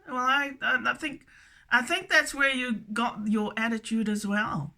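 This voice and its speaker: A woman's voice: fairly high pitch, steady tone, unhurried, sharp tone. A woman rambling through a solo video monologue, stammering and repeating herself, with a habit of tagging "that's correct" onto her statements. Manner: repetitive, stammering, keeps saying "that's correct". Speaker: video blogger.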